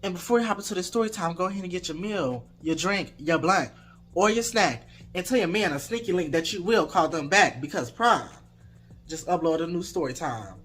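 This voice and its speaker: Mężczyzna, swobodna, żywa opowieść. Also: male voice, sits high, brisk, husky. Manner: animated, laid-back slang and swearing. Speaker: storytime vlogger. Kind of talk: casual storytelling.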